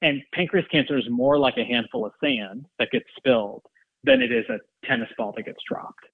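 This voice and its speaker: A male oncologist explains with vivid images, his pitch rising and falling animatedly. His voice is gravelly, and the sound is thin and phone-like. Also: sing-song, moderate pace, no echo. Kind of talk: expert interview clip. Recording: phone-like line.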